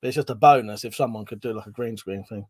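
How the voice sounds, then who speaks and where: A man's voice: fairly low pitch, fast talker, a little mellow, slightly rough, dry recording. A man hosting a casual livestream, chatty and laughing often, with plenty of swearing. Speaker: livestream host. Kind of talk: casual live chat reading comments.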